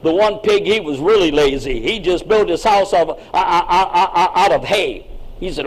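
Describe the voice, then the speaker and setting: A man's voice: high-pitched, normal speed, poor audio. A male pastor telling a story in a sermon, with an exclamatory, repetitive preaching cadence.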